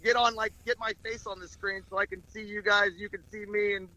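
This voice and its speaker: A man's voice: sits high, flat delivery, a little fast, sharp tone, rough recording. A man in his twenties, a comedian guest on a podcast, telling profane rambling stories and laughing often. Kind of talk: casual podcast storytelling.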